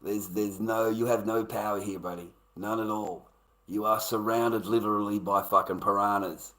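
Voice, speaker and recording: A man's voice: fairly low pitch, steady tone, moderate pace, a bit bright, low-quality recording. An Australian man ranting casually to his livestream chat, blunt and swearing constantly.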